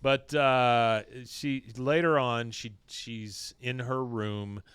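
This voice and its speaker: A man's voice: mid-range voice, steady tone, slow pace, fairly bright tone, clean tone, no echo. Laughing man recapping an episode. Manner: laughs often, reads scenes aloud. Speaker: podcast co-host.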